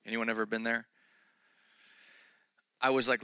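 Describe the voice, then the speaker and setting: A male preacher gives a relaxed, conversational sermon and pokes fun at himself as he tells his story. His voice is intense and forceful yet smooth and resonant. It is recorded close and dry, with no room sound. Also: mid-range voice, normal speed, dry recording. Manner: self-deprecating storytelling with jokes.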